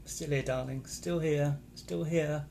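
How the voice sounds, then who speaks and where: A man's voice: fairly high pitch, fairly even intonation, slow, creaky, dark tone, a little hiss or hum. A man chatting casually on a live stream, rambling and reacting to viewer comments from a hotel room. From England. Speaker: vlogger reading live comments.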